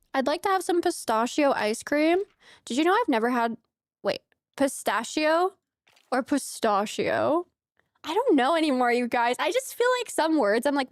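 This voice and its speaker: A young woman with a slightly high voice streams a farming game, chatting casually with rambling asides and lots of laughter. The let's-play audio is clean studio sound with no echo.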